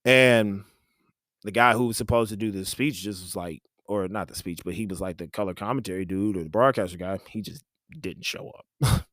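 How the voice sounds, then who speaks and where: A man's voice: lowish voice, moderate pace, a bit bright, no echo, studio quality. Laid-back man telling a story. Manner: conversational, laid-back, many "like" fillers, laughs while telling. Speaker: podcast host. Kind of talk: casual storytelling.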